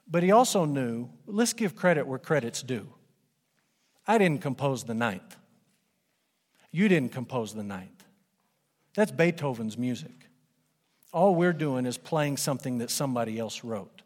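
A man preaching a sermon, emphatic, swinging between loud declarations and hushed, low lines. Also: lively intonation, a little slow, pauses often. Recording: long hall reverb.

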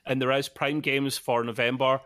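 A man's voice: medium pitch, level tone, moderate pace, a bit bright, no echo, studio quality. A Scottish man co-hosting a casual gaming podcast, talking loosely with frequent restarts. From Scotland. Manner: chatty, restarts a lot. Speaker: podcast co-host.

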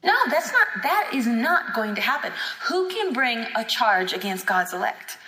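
A woman preaches at a healing school with a fervent, emphatic drive, slipping into the voices of the people she quotes. Her voice sits a little high and comes out bright and forceful. It rings through a roomy hall with a long reverb tail. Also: very animated, normal speed. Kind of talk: teaching sermon.

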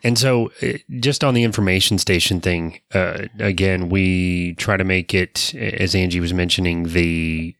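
A man's voice: sits low, fairly even intonation, a little slow, few pauses, fairly bright tone, no echo, clean studio sound. A man co-hosting a casual podcast, talkative and self-deprecating, with frequent fillers and restarts. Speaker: podcast co-host.

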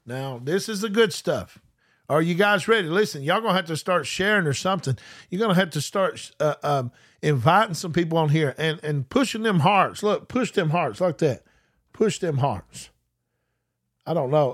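Preacher, male, high voice; drawn-out scripture reading, loose restarts between verses. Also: a bit bright. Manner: slows down to read scripture with emphasis; repeats words and restarts mid-sentence. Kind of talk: live-streamed sermon.

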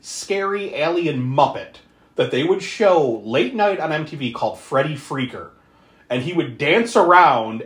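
A podcast co-host chats through a movie recap, laughing a lot and swearing casually. The voice swings widely in pitch. It sits in a roomy, echoey space.

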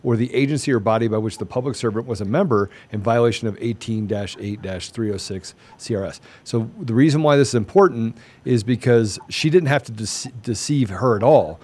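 A man hosting a talk show, explaining things step by step and rushing through quoted legal wording. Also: medium pitch, darkish tone. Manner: explanatory, reads legal text in a quick rush. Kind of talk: casual chat.

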